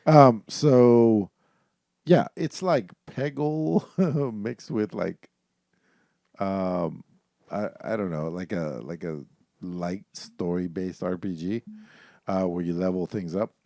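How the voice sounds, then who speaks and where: A man's voice: low-pitched, takes it slowly, vocal fry, dark tone, no room sound, clean studio sound. A man co-hosting a gaming podcast, talking casually and rambling with lots of fillers. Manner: laid-back, rambling with many fillers. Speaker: podcast co-host. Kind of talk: casual chat.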